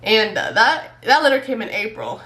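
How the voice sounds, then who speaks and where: A woman YouTuber telling a casual storytime, animated and profane, laughing often. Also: fairly high pitch, normal speed. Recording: echoey room, distant mic, faint noise.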